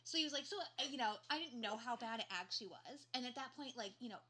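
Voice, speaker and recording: A young woman with a bright, ringing voice pitched a little high, co-hosting a podcast. She chats casually and animatedly, swears freely and fills her talk with fillers. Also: quick pace, husky. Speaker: podcast co-host. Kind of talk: casual chat.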